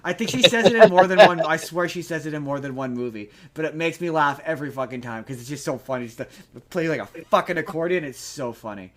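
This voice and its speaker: A man hosting a podcast, chatting casually about a movie in a rambling, animated way with lots of restarts and swearing. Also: fairly high pitch, fast talker, hardly any pauses. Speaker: podcast host. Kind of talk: casual movie review chat.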